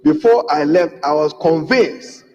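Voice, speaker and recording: Ghanaian male legislator, high voice, emphatic floor speech, muffled audio with long hall reverb. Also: animated, measured pace, heavy background noise. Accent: Ghanaian English. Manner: emphatic, repeatedly addressing the Speaker. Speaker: member of parliament. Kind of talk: parliamentary debate speech. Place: parliament chamber.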